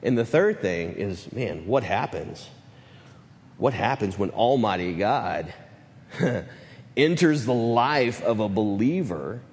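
A man preaching a sermon, swinging between loud emphatic build-ups and hushed lines. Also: fairly low pitch, expressive, slow pace, big-room sound. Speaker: pastor.

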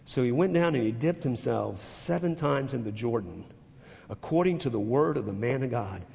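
A man preaching a sermon as a pastor, retelling scripture with emphatic repetition and dropping to soft, intense moments. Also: mid-range voice, animated, normal speed, gravelly, husky. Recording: long reverb of a large hall.

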